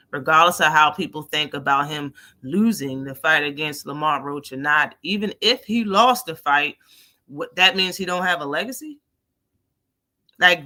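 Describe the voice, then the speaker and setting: An animated woman with runs a casual boxing live stream. She talks bluntly, laughs easily and answers her viewers one by one. Her voice is bright and clear. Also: deep voice. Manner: blunt, animated, laughs often, reads out chat. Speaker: boxing talk show host.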